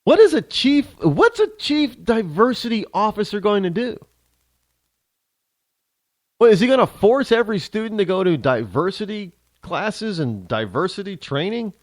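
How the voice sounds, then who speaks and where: A man's voice: high-pitched, sing-song, moderate pace, no room sound. A man from the United States hosting a talk show, ranting sarcastically in an opinionated monologue.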